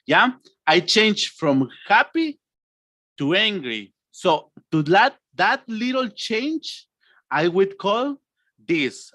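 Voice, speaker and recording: A man, teaching an online English lesson, acting out emotions and stretching words slowly. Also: on the high side, sing-song, pushed and bright, no echo.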